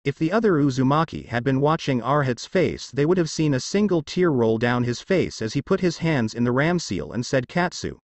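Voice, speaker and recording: Lively male story narrator, dry sound. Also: mid-range voice, a little fast, hardly any pauses, dry recording. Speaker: fanfiction narrator. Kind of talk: storybook narration reading all parts.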